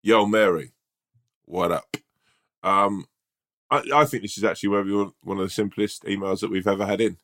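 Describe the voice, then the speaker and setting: A laid-back man with a very low voice, co-hosting a chatty advice podcast. He rambles gently and restarts his sentences often as he gives advice. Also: flat delivery, fast. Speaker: podcast co-host. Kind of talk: casual advice podcast chat.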